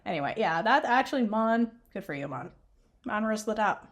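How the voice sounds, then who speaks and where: A woman co-hosting a casual recap podcast, animated and laughing often as she acts out characters' lines. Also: medium pitch, fairly quick. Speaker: podcast co-host.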